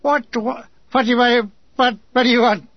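A man's voice: sits high, expressive, a little fast, dry recording, dull audio. A man voicing a blustering, sniffing older army major who talks curtly and stammers over his words. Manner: curt, stammering repetition.

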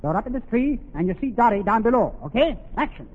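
A man's voice: extremely high pitch, sing-song, fast talker, breathy edge. A man playing a film director in a 1940s radio comedy sketch, bossy as he gives directions. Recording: dull old radio broadcast with loud hiss and hall echo.

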